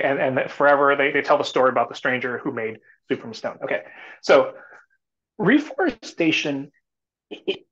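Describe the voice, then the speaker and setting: A man's voice: mid-range voice, a bit bright. Rambling man with a filler-heavy tone. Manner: rambling, many fillers and restarts. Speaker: startup CEO guest. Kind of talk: casual live talk. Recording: muffled lo-fi audio.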